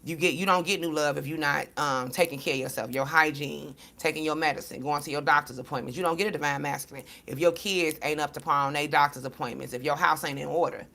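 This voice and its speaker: Blunt, bright-voiced woman telling stories. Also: deep voice, fast, vocal fry, few pauses. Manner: blunt, emotional, animated storytelling with swearing. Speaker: spiritual reader. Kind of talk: casual spiritual talk.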